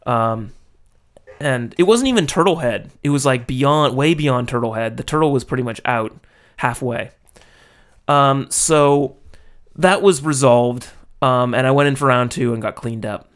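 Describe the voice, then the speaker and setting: An American man in his thirties spins loose, rambling anecdotes in a relaxed conversational way. He breaks into laughs and pokes fun at himself as he talks. His pitch sits in an ordinary middle range. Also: unhurried. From United States. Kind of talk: casual storytelling.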